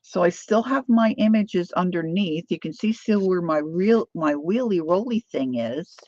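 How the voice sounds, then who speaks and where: A woman's voice: lowish voice, lively intonation, moderate pace, a little mellow, no room sound, highs cut off. A woman chatting casually as she demonstrates a craft technique, thinking aloud while she works. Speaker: craft vlogger.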